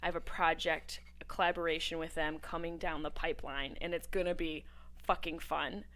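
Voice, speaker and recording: A woman's voice: sits low, level tone, moderate pace, a bit bright. Brash profane woman hosting a livestream. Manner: brash and profane, jumping between topics. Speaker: host. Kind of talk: casual livestream watch-party chat.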